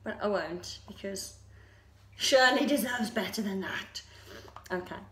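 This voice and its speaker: A woman entertainer chatting brightly to her viewers before a sing-along, bubbly and full of little fillers. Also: medium pitch, a little slow. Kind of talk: casual chat to camera. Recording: roomy echo with loud backing music. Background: loud music.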